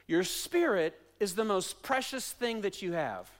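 In a church sanctuary, a male pastor preaches a sermon full of repeated questions and refrains, moving between soft and loud delivery. His voice is high-pitched and expressive, set at a measured pace.

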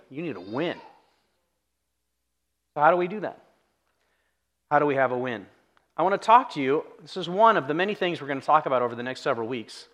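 A man's voice: fairly high pitch, bright, forceful tone. A pastor giving a casual, humorous sermon to his congregation, acting out the people in his stories. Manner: conversational and humorous, acts out quoted voices. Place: church sanctuary.

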